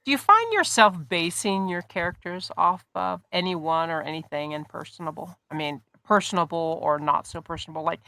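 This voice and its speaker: A woman's voice: fairly low pitch, lively intonation, moderate pace, gravelly, few pauses, pushed and bright, no echo. A woman hosting an interview podcast who asks rambling questions and searches for her words. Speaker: podcast host. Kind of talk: casual interview chat.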